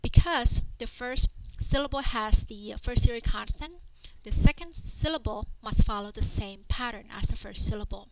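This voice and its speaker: A woman's voice: on the high side, normal speed, hardly any pauses, background noise. A woman teaching a reading lesson in a voice-over, patiently sounding out each syllable one at a time before saying the whole word. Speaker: language teacher. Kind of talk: slow spelled-out reading lesson.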